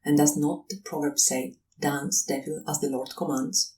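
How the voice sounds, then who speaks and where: Nervous young seminarian, voiced by the audiobook reader, protesting, mid pitch, distant faint-hiss recording. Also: steady tone, moderate pace, a little mellow, natural voice. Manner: protesting, pleading. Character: young male seminary student, nervous, evasive. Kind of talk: audiobook reading.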